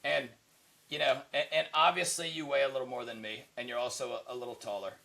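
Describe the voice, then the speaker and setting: A man's voice: medium pitch, fairly even intonation, fast, vocal fry, sharp tone. A man co-hosting a podcast in casual chat, rambling with lots of "you know, right?" fillers. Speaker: podcast co-host.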